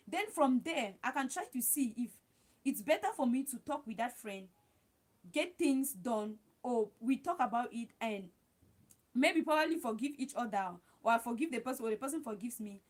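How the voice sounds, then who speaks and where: Woman, high voice, chatty livestream host, repeats herself, talks to viewers as guys. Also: expressive, normal speed. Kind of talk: casual advice talk to live viewers.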